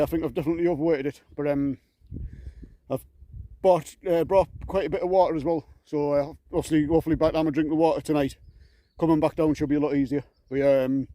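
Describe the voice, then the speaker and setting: A man vlogging casually while hiking up moorland outdoors, out of breath and speaking haltingly with lots of fillers. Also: a little high, warm tone. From England. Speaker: camping vlogger.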